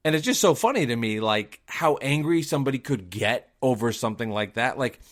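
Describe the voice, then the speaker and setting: A man's voice: mid-range voice, animated, brisk. Give me a casual male podcaster with a mid-range voice, chatty and self-deprecating. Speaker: podcast host. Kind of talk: casual storytelling.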